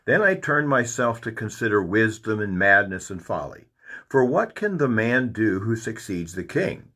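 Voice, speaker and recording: A man's voice: on the low side, moderate pace. A man leading a Bible study, reading scripture aloud and explaining it with folksy asides and repeated phrases. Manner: animated, reads verses aloud and comments with folksy asides.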